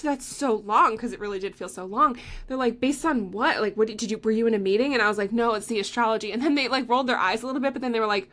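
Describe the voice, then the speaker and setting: Young adult woman, podcast co-host, higher voice, chatty storyteller who acts out quotes and laughs a lot. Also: fairly bright tone. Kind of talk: casual chat.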